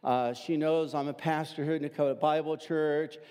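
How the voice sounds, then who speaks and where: An older man, a pastor, telling a personal story in a sermon, animated and acting out the voices he quotes. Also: fairly high pitch, normal speed, clear, resonant tone, in a large hall.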